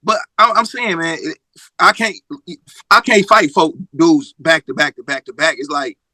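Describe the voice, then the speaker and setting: A man's voice: fairly high pitch, normal speed, bright, forceful tone, no echo. A man hosting a casual interview, asking probing hypothetical questions. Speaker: podcast host.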